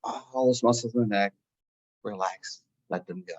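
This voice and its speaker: A man guiding a listener through a calm breathing and relaxation meditation, giving slow, soothing instructions. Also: lowish voice, muffled recording. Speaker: meditation guide. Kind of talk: guided meditation.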